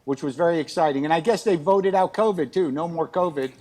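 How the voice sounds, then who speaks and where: A man's voice: fairly high pitch, quick pace, warm tone. A middle-aged man telling comic stories in a rambling, exasperated, self-mocking way over a remote video call. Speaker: guest. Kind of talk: comic storytelling chat. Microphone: remote video call from outside his house.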